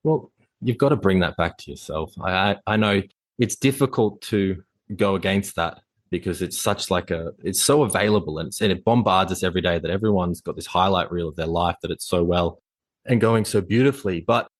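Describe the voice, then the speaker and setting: A male fitness coach speaks on a podcast in an intense, blunt, motivational way. He talks quickly in a low voice, and the recording is dry and close. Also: dry recording. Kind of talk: casual interview chat.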